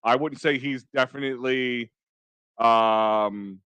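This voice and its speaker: A man's voice: medium pitch, slow, fairly bright tone, smooth, dry recording. A man co-hosting a casual sports podcast, talking emphatically with many fillers. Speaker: podcast co-host.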